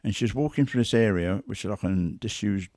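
In the persona of a big cat investigator, a man with a fairly low voice talks at a brisk clip, telling conversational tales. He acts out quotes and noises with lively energy. The audio is dry, clean studio sound.

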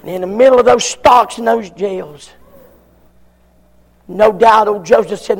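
A man preaching a folksy sermon that climbs to shouted peaks. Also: high voice, unhurried, long pauses, big-room sound.

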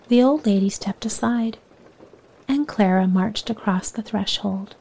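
A woman reading a children's bedtime story aloud in a soft voice that often sinks near a whisper. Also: mid-range voice, unhurried, husky, low-quality recording.

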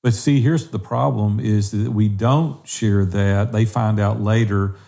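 Male podcast co-host, low and dark tone, earnest and exhorting. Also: steady tone, unhurried, vocal fry. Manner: earnest, exhorting listeners directly. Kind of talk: encouraging podcast talk.

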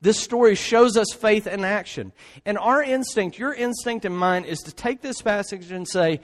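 A man's voice: high voice, normal speed. A man preaching a sermon in an emphatic way, often tossing in rhetorical asides. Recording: long hall reverb.

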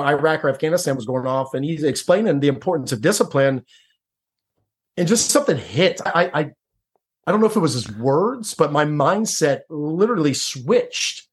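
A man's voice: a little high, slightly rough. A middle-aged man telling a personal story as a podcast guest, casual and repetitive, often saying "like" and "dude.". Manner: casual, repeats words, says "dude" and "like". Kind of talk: storytelling interview.

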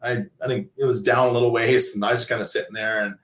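A man in his fifties, a former pro hockey player turned coach, tells long stories casually as an interview guest, full of fillers and restarts. His mid-range voice is steady, fast and fairly bright, recorded in an echoey room.

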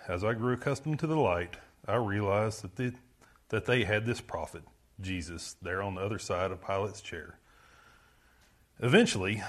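A man playing a guilty, defiant male rebel prisoner in a dramatic first-person monologue, brooding and self-justifying. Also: on the low side.

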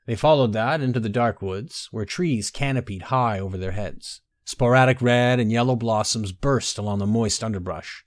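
A man narrating a story in a measured storytelling manner, softly voicing the dialogue. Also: medium pitch, dry recording, clean studio sound. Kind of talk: scripted narration.

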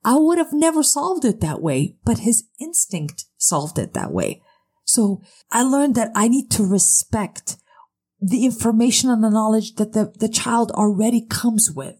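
A woman in her thirties hosting a parenting talk, earnest and emphatic, with lively swings between high and low. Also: measured pace, husky. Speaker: parenting podcast host. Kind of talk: casual educational talk.

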